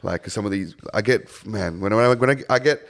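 A man's voice: fairly low pitch, fast, creaky. A young man, a DJ chatting casually on a podcast, swearing freely and acting out stories. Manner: swears a lot, acts out crowd scenes loudly. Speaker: touring DJ guest.

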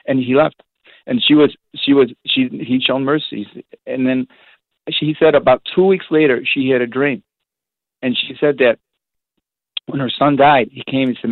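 A man, a priest, telling stories in a rambling, animated way with many restarts, heard over a phone line. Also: mid-range voice, normal speed, long pauses, no echo. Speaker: priest, guest. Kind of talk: casual storytelling on a phone-in show. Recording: tinny phone line, dry.

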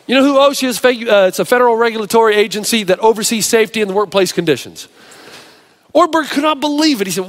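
High-voiced man preaching a sermon. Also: fairly quick. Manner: storytelling preacher, animated delivery with varied pace. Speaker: pastor.

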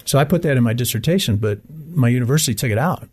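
A middle-aged man from Michigan talks as a guest in a casual interview. His voice is husky and a little breathy, at an average pitch for a man. He tells stories and acts out the people he quotes. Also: quick pace. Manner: storytelling, animated when quoting others.

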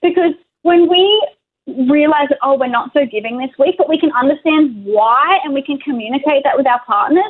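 A woman's voice: high-pitched, normal speed. A woman guest on a podcast, speaking in an enthusiastic, emphatic way. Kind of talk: casual chat. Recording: tinny phone-like line.

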